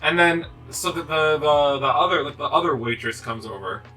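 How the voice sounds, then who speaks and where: A young man with a very bright, sharp-edged voice tells a rambling story in casual chat, swearing and restarting his sentences. He sits a little away from the mic, and game music plays faintly behind him. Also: a little high, normal speed, recorded from a distance, poor audio. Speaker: gaming video co-host. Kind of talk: casual chat while playing.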